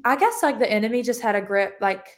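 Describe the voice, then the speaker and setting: Her voice a little high and expressive, a young woman speaks fast while sharing her testimony as a podcast guest. The delivery is casual and chatty, full of "like."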